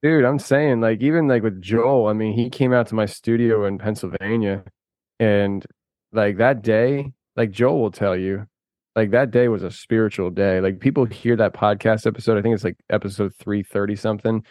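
Low-voiced man chatting in a dry studio. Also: steady tone, normal speed, a little mellow, dry recording. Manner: rambling and chatty, with frequent laughs and restarts. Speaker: podcast host and filmmaker guest. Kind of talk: casual conversation.

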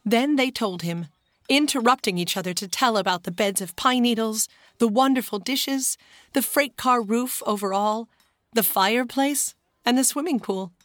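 A woman narrating a children's storybook as an audiobook in a calm, even manner. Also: on the high side, moderate pace, dry recording, studio quality.

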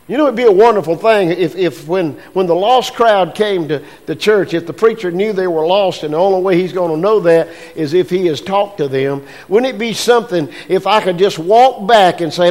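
A male pastor, preaching a sermon in a slow, emphatic way and repeating key phrases. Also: high-pitched, darkish tone.

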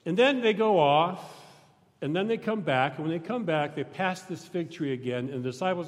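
A man with a notably high voice preaches from the pulpit, chatty and teasing with his congregation, now and then shouting for emphasis. His voice rings out with a long reverb that fills a large church sanctuary. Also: normal speed. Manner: conversational and joking with the congregation, sometimes shouting. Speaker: pastor. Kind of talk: sermon.

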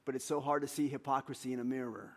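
A middle-aged man, a pastor, preaching a sermon with animated personal stories and earnest scripture reading. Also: mid-range voice, fast talker, vocal fry. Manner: storytelling, animated anecdotes then earnest reading.

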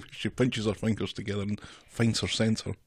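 A man's voice: on the low side, steady tone, moderate pace, noisy background. Wry, teasing man in a casual chat. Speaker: podcast co-host.

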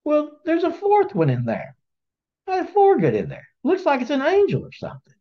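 A man's voice: huge pitch swings, moderate pace, heavily acted. A man voicing an agitated ancient king in a raised, exclaiming voice, on dull lo-fi audio. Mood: astonished. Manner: high, exclaiming.

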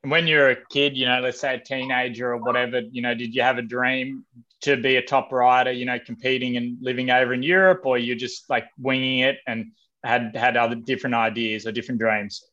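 A man's voice: medium pitch, fairly even intonation, brisk, sharp tone. A man hosting a podcast, asking questions in an easygoing, joking, matey way. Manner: joking, easygoing, mate-style banter. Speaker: podcast host. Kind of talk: casual interview chat. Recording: dull lo-fi podcast sound.

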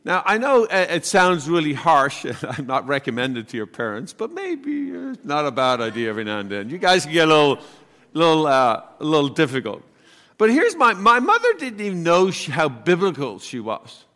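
Halting, chatty priest in a reverberant church. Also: male voice, a little high, wildly swooping pitch, pushed and bright. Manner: chatty, halting, acts out voices in his story. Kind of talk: homily with personal storytelling. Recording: long hall reverb.

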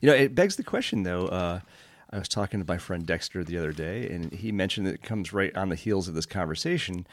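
A man co-hosting a podcast in casual chat, relaxed and agreeable as he thinks aloud. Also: deep voice, brisk. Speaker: podcast co-host.

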